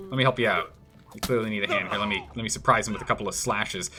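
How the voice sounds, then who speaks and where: A man's voice: lowish voice, expressive, quick pace, pushed and bright. A man streaming gameplay live, commenting in a playful, jokey way.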